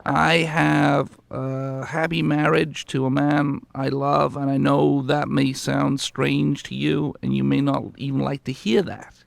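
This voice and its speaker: A man's voice: medium pitch, level tone, unhurried, vocal fry, few pauses, no echo. A man speaking as a guest on a radio call-in show, earnest and emphatic as he gives advice.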